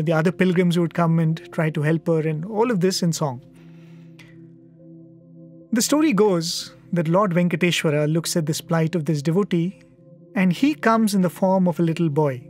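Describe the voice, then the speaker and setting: Earnest man telling a devotional story. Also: on the high side. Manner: earnest, reflective storyteller with soft hesitations. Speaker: satsang speaker.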